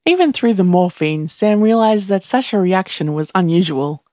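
A woman narrating a story in a steady, even reading voice. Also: medium pitch, normal speed, no echo, clean studio sound. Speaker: reader. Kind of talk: audiobook narration.

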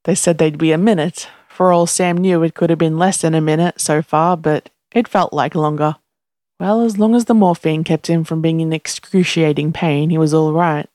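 A woman narrating a story in a steady, even reading voice. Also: low-pitched, moderate pace, no room sound, clean studio sound. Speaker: reader. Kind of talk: audiobook narration.

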